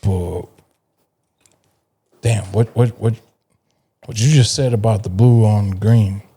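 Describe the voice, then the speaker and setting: A man's voice: fairly low pitch, fairly even intonation, slow, dark tone, slightly rough. A man in his forties, a veteran guest, speaking casually and emphatically, repeating words to stress them. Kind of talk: casual chat.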